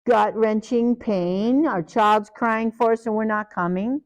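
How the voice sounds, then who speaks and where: Trainer, middle-aged woman, animated lecture to a room, acts out quotes. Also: fairly high pitch, unhurried. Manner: animated, acts out parents and children in quoted voices. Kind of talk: training talk to a live group.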